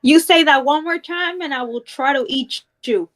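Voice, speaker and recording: A woman playing a hostile companion who threatens to eat people, speaking loudly and threateningly. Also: high-pitched, normal speed. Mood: menacing. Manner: loud, threatening.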